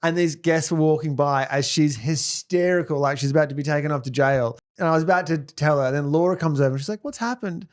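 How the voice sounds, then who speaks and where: Teasing dad, slightly high voice. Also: male voice, fairly even intonation, quick pace, few pauses, clear, resonant tone. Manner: teasing, acts out dialogue in his stories. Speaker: podcast co-host. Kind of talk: casual banter.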